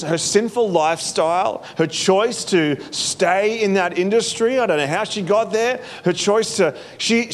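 Man, preaching, lively swooping pitch, higher voice. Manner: animated, acts out reactions with laughs. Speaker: pastor. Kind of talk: sermon.

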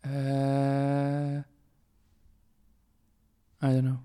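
A man's voice: medium pitch, completely flat delivery, extremely slow, mellow, clear, resonant tone. A man, a podcast co-host chatting casually, hesitant with many fillers and restarts. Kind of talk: casual chat.

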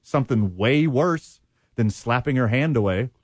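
A man's voice: medium pitch, lively intonation, moderate pace, no room sound. A man hosting sports talk radio, blunt and sarcastic as he argues. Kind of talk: heated sports talk debate.

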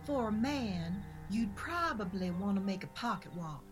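A woman's voice: mid-range voice, expressive, unhurried, music in the background, lightly acted. A woman playing a vain, flirtatious columnist in an audio drama, coy and airy.

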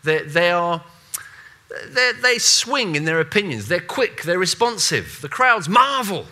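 A man preaching a sermon in a conversational, animated way, with playful asides and voiced quotes. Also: high-pitched, a little slow.

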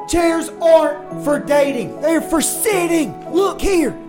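Man as fed-up scolding mom, lively delivery. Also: extremely high pitch, slow pace, music in the background, voice pushed up, heavily acted. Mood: exasperated. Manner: exasperated, scolding. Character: exasperated middle-aged mother who hates nonsense.

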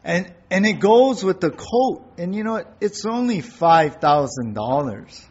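A man's voice: sits high, expressive, measured pace, husky, lo-fi sound, exaggerated voice. Man putting on a gushing wife on the phone. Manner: gushing, stammering requests. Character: excited wife shopping on the phone.

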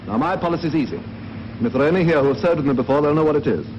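An actor playing a brisk naval captain who addresses his crew in a commanding 1940s film style. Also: a little high, natural voice. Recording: dull noisy old film soundtrack.

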